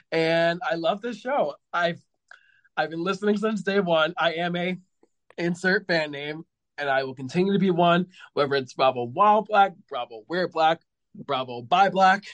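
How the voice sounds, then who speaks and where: A man's voice: on the high side, a little slow, a bit bright, dry recording. A man, a podcast guest, telling rambling stories in casual chat with lots of fillers. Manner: rambling storyteller, heavy with fillers.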